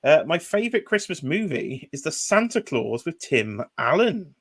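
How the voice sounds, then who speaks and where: A man's voice: a little high, big pitch swings, moderate pace, fairly bright tone. A British man hosting a casual livestream over a computer mic, chatty and rambling with fillers. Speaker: livestream host.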